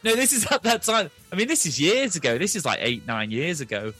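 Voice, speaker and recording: Bright-voiced man telling stories on a podcast. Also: fairly high pitch, a little fast, breathy edge, faint music behind. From family from Liverpool. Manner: animated storyteller, slips into accents, laughs often. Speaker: podcast guest. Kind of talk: casual podcast chat.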